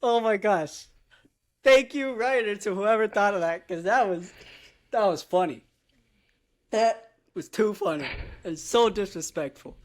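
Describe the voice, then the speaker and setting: A woman co-hosting a podcast in casual chat, excitable and laughing as she recaps a show. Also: medium pitch, a little slow. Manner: excitable, laughing, lots of "bro". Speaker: podcast co-host.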